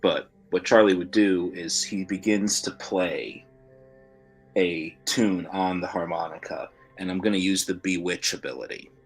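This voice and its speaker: A man's voice: deep voice, steady tone, measured pace, husky, soft background music. A man playing a tabletop game, thoughtfully explaining his character's actions and the rules. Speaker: player.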